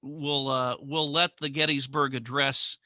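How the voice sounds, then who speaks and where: A man's voice: mid-range voice, flat delivery, measured pace, bright, forceful tone, no room sound. A man hosting a museum's live online Q and A, talking in a friendly, conversational way and reading out viewer questions. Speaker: museum livestream host.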